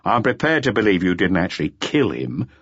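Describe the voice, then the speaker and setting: A man's voice: sits low, very animated, brisk, slightly rough, no room sound, full character voice. A man voicing an impatient middle-aged police chief inspector, interrogating bluntly and at times coaxing like a father. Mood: gruff coaxing. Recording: slightly dull lo-fi audiobook recording.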